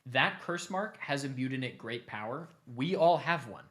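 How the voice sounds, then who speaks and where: A man's voice: mid-range voice, expressive, moderate pace, a bit bright, close to an everyday voice. A man voicing a group of sinister young male ninjas who coax a boy to join them, in a matter-of-fact tone.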